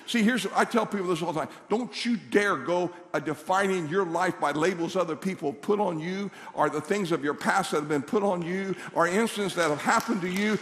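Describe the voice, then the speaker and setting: A male pastor preaching a sermon in a church, animated, with call-and-response to the congregation. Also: sits high, a little fast, few pauses, a faint crowd. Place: church sanctuary. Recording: long reverb of a large hall.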